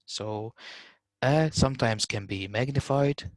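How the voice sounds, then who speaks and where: A man teaching a tajweed lesson, contrasting sounds and repeating examples slowly with frequent fillers. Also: mid-range voice, dry recording. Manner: hesitant fillers, informal address to students. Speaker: Quran recitation teacher.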